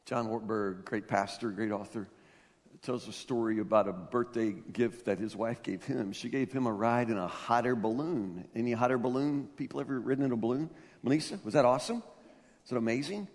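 A man preaching a sermon, telling stories in an animated way with emphatic peaks. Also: medium pitch, a little fast. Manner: animated storytelling, rising to loud emphatic peaks. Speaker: pastor. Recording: long hall reverb.

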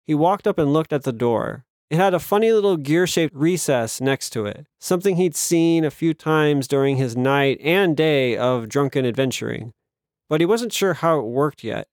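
Steady male audiobook narrator, dry sound. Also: a little high, no room sound. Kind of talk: scripted narration.

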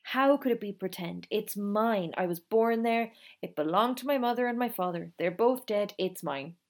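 A woman reading aloud, voicing a small, intense orphan girl who speaks quietly and earnestly. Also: mid-range voice, lively intonation, normal speed, lightly acted. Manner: quiet and earnest, sometimes hushed.

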